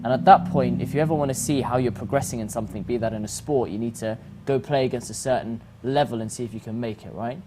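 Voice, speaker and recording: A man hosting a reflective religious talk, animated and acting out the voices he quotes. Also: mid-range voice, fast talker, few pauses, slight background noise. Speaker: host.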